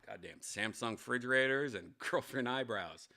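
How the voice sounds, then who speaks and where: Loose-talking man with a bright, forceful voice. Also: medium pitch, moderate pace, slight background noise. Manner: loose, profane, self-mocking riffing. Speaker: host. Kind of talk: casual rambling livestream chat. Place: home studio.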